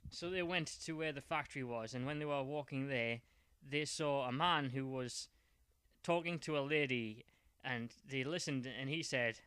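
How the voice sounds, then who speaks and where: Bright man, playful rambling storyteller, dry close sound. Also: a little high, normal speed, smooth, dry recording. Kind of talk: improvised fan-fiction storytelling.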